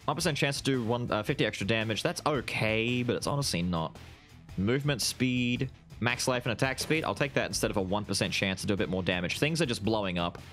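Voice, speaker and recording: A young man giving excited commentary over his own gameplay, exclaiming often and calling the listener "dude". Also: fairly low pitch, a little fast, faint music behind. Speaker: gaming video host.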